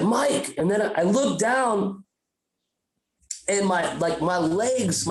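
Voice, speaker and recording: A man's voice: fairly high pitch, reverberant, rough recording. A man hosting a podcast, telling a rambling, profane story and acting out the voices of the people in it. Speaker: podcast host. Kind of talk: casual storytelling.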